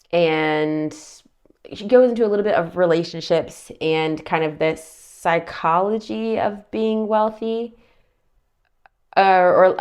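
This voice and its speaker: A woman's voice: on the low side, clean tone. A woman casually talking through a monthly tarot forecast, chatty and rambling, slightly out of breath. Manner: chatty, rambling, self-interrupting with asides. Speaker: tarot reader.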